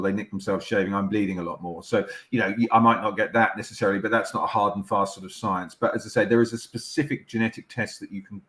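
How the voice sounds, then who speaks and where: Doctor guy, lowish voice, calm and reassuring, keeps restarting sentences, roomy echo on a call. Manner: measured and reassuring, with frequent restarts. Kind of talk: explaining as an interview guest. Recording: echoey room sound.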